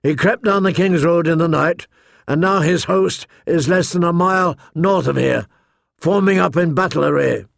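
A man's voice: fairly high pitch, moderate pace, gravelly, no echo, clean studio sound. A man voicing a cocky, blunt male sellsword in a storybook reading. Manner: mocking, blunt.

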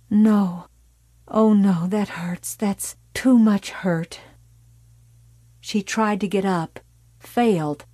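Slow, measured woman narrator. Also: medium pitch, no echo. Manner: measured, dark storytelling, drops to a hush. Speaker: audiobook narrator. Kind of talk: dramatic audiobook narration.

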